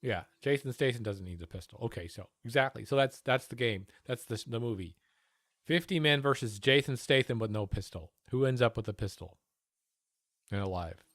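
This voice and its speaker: A man's voice: medium pitch, animated, a little fast, a bit bright, no echo, studio quality. A man streaming from home, giving casual, profane, sarcastic commentary as he reacts to a news panel. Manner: profane, sarcastic, talks over the clip.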